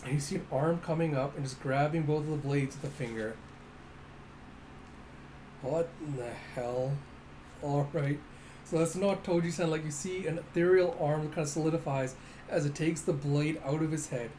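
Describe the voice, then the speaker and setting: A man walks through a comic panel by panel in a loose, casual way, swearing now and then. His voice is on the high side but mellow rather than bright, and a faint hiss of background noise runs under it. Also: normal speed, poor audio. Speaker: manga recap narrator. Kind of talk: casual manga recap.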